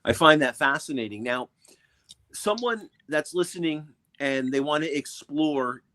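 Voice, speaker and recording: A man's voice: on the high side, lively intonation, unhurried, sharp tone, no room sound. A man co-hosting a podcast, interviewing a guest with engaged, encouraging questions. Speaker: podcast co-host.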